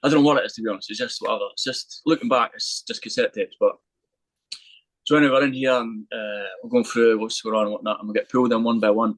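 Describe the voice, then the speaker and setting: A man, a podcast guest telling a lively anecdote in casual chat, swearing freely and acting out the voices of the people in his story. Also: medium pitch, fast talker, dry recording, low-quality recording.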